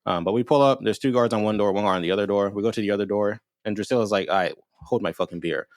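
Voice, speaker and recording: A man's voice: fairly low pitch, steady tone, racing, a little mellow, no room sound, studio quality. A man casually recapping the last session of a tabletop game, telling it with jokes and laughs. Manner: laughing, jokey storyteller. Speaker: player.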